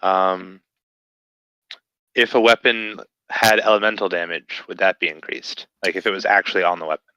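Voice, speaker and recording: A man's voice: deep voice, steady tone, moderate pace, sharp tone, clear, resonant tone, no room sound, lo-fi sound. A man playing in a tabletop game over voice chat, asking questions and making joking asides. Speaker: player. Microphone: headset or desk mic on voice chat.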